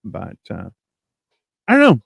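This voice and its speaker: A man's voice: lowish voice, huge pitch swings, a little slow, gravelly, a bit bright, breathy edge, no echo. A man hosting a podcast, chatting casually in a rambling, joking, self-mocking way. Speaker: podcast host. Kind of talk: casual comedic chat.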